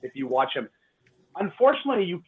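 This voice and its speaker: A man co-hosting a radio talk show in casual chat, animated, repeating words to drive points home. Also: high voice, fast, slightly rough. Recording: muffled lo-fi line.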